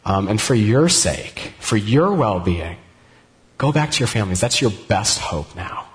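A man teaching a Bible story in a casual, animated way, voicing the characters' words as he goes. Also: lowish voice, a little slow.

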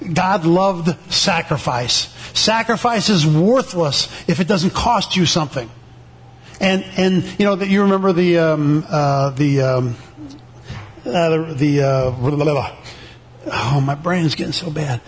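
High-voiced older man, veteran sharing a testimony, halting delivery with lots of restarts, acts out the voices in his story. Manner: halting, with many restarts and repeated words.

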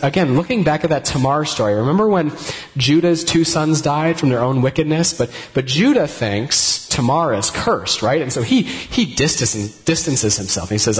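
Male Bible teacher, casual storytelling, wide swinging pitch, easy middle voice. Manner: animated storytelling, acts out characters' words.

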